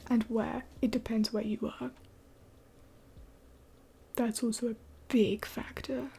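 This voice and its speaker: Young woman, whispering, late-night stream chat, blunt, swearing, slow, husky. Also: a little high, flat delivery, warm tone. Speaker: live streamer answering chat.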